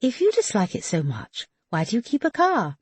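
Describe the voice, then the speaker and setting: A woman voicing a poised, capable young woman who speaks politely and briskly, her lines lively in pitch. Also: slightly rough, dry recording.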